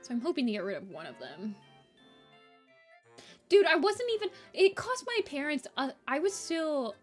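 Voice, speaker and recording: Young woman, art streamer, higher voice, rambling casual chat full of fillers, faint music behind. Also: huge pitch swings, normal speed. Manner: chatty, rambling, lots of fillers like "like". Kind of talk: casual chat while drawing. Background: soft background music.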